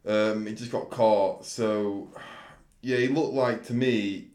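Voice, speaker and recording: A man's voice: on the low side, fairly even intonation, takes it slowly, darkish tone. A man chatting casually about horse racing tips, thoughtful and a little hesitant. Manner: thoughtful, hesitant, repeats words. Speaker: racing tipster. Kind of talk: casual chat. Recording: echoey room.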